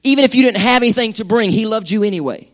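A middle-aged man preaches in a church sanctuary, his voice sitting high for a man. He talks with animated energy and slips into quick acted-out asides. Sermon delivery to a congregation. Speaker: pastor.

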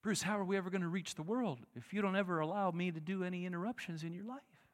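A man voicing God as a gentle, patient, fatherly figure who reassures a believer, slowly and kindly, in a sermon. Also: high-pitched, in a large hall, pitched above the performer's own voice, lightly acted. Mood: reassuring.

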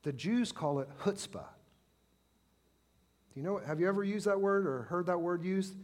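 A middle-aged man preaching a sermon, impassioned, swelling to loud pleading when he acts out prayers. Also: high-pitched, normal speed.

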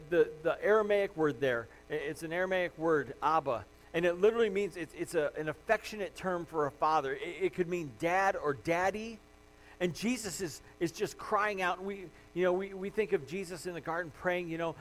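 A man's voice: high voice, rough recording. A man preaching a sermon, earnest and building to impassioned emphasis as he goes. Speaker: pastor.

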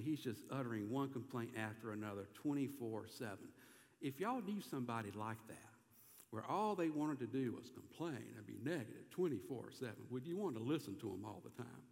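Folksy pastor in an echoey hall. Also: male voice, on the high side. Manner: folksy, talks to the congregation, swings from quiet to loud pleading. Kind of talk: sermon. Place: church sanctuary.

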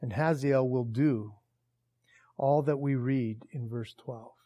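A man preaching a sermon in a casual, animated storytelling way that builds in intensity. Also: mid-range voice, slow, highs cut off. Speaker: pastor.

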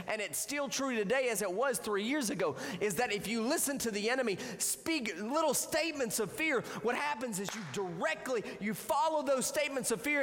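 Emphatic high-voiced male youth preacher. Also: in a large hall. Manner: emphatic, repeats phrases, builds to shouting. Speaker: youth pastor. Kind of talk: sermon.

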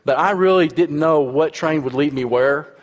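A man's voice: a little high, normal speed. A man in his fifties with a Texas accent, preaching a sermon in a conversational, storytelling way with frequent asides to the congregation. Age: 50s. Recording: long hall reverb.

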